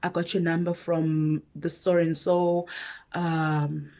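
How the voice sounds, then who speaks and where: A young South African woman vlogger tells a personal story in a casual, animated way, acting out both sides of a conversation. Her voice is deep, and she takes it slowly.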